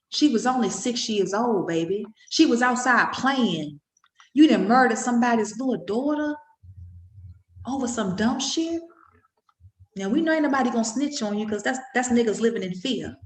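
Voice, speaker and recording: A woman's voice: on the high side, reverberant. A middle-aged woman from Washington, D.C. delivers a profane, emphatic, repetitive rant to camera. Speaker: mother vlogging. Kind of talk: impassioned monologue to camera.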